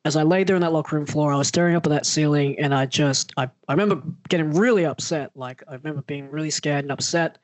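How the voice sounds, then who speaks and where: Speaking quickly with few pauses, a wrestler with a voice on the high side tells a story casually, animatedly performing the voices he quotes. No room sound is audible.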